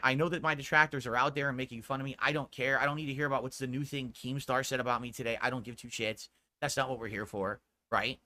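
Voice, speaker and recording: A male live streamer with a bright tone chats casually with his viewers, laid-back and speaking lower than he normally would. He has a sore throat, and when he scolds chat he turns blunt and profane.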